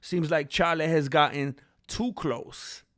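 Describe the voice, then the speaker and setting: Man, high pitch, bright voice, playful livestream chat, joking. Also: takes it slowly. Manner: playful, joking, reads chat names aloud. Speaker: livestream host.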